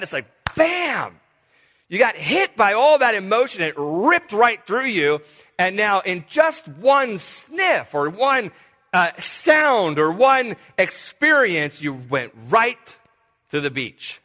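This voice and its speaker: A man preaching a sermon, telling a personal story with vivid sound words and lively delivery. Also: high voice. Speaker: pastor. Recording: long reverb of a large hall.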